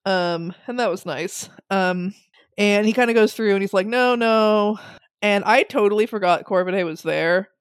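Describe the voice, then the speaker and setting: A woman's voice: mid-range voice, moderate pace, clean tone. A woman in casual podcast chat who keeps breaking into laughter and voices the characters' lines as she retells them. The sound is dry and close, with no room echo around her voice. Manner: animated, laughs often, acts out characters' lines. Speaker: podcast co-host. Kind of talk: casual book discussion chat.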